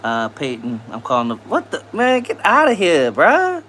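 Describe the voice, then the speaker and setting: A man hosts a live stream and answers chat in a relaxed, slangy way. His voice is bright and fairly high for a man. His pitch swings widely from line to line. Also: moderate pace, slight background noise. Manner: laid-back slangy banter, laughs often.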